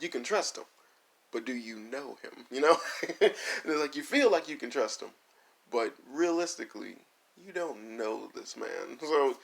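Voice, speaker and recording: A man's voice: mid-range voice, creaky, a bit bright. A man hosting a podcast, giving a loose, rambling film review full of restarts and asides. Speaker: podcast host.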